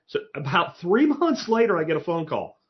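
Animated, storytelling man on muffled audio. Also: sits high, normal speed. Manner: animated storyteller, swears casually. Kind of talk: casual podcast conversation.

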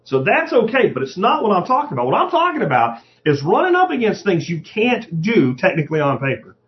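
Profane, animated man hosting a podcast. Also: high-pitched. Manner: profane, animated, acts out quoted voices. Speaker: podcast host. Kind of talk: casual monologue. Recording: dull lo-fi podcast audio.

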